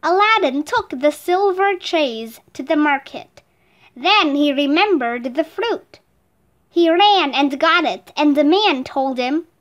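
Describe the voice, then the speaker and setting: A woman reads a classic children's tale aloud in a clear, careful storytelling voice. Her pitch is high and she takes her time with every line. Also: animated, slow pace, a bit bright. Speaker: storybook reader. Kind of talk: reading a children's book aloud.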